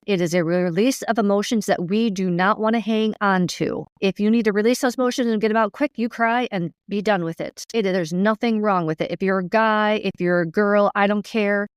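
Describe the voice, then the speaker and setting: Middle-aged female co-host, smooth and clear, dry close sound; earnest, emphatic, quick to laugh. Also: mid-range voice, no room sound. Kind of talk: casual spiritual podcast talk.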